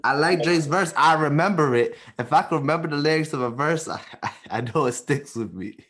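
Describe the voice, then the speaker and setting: A man's voice: fairly high pitch, expressive, fairly quick, a bit bright, husky. A man co-hosting a podcast in casual chat, rambling with laughing asides. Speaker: podcast co-host.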